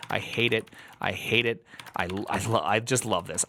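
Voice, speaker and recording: Bright-voiced, exasperated coding streamer. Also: male voice, medium pitch, fairly quick, a little hiss or hum. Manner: exasperated, rambling, talks to chat while coding. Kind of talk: live coding stream chat.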